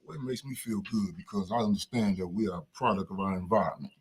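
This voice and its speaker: Husky, calm man speaking as a guest. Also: deep voice. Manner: calm, measured, sincere. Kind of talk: studio discussion. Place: studio.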